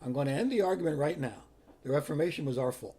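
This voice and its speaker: A man voicing a gentle, humble old pope. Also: on the high side, fast talker, close to an everyday voice. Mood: welcoming. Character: warm, humble elderly male pope.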